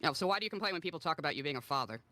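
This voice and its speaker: A man's voice: on the high side, expressive, rapid-fire, pushed and bright, no room sound. A man in an online voice-chat argument, pressing the other man with pointed questions. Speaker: debate participant.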